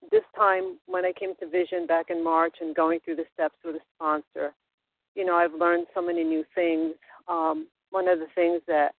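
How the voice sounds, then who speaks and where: Woman, from upstate New York, recovery share, steady with ums, dry tinny phone line. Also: on the low side, gravelly, no room sound. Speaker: meeting member sharing.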